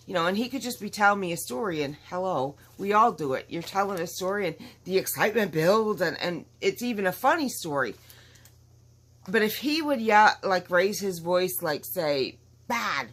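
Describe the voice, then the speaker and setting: A woman's voice: fairly low pitch, a bit bright. A woman vlogging at home in casual chat, talking in an emphatic, rambling and outspoken way. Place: at home with dogs nearby.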